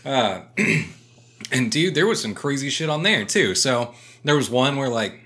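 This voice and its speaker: A bright, forceful-sounding man telling a story to his friends in casual podcast chat. He swears freely and jumps into loud, animated impressions of the people he describes. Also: medium pitch, a little slow.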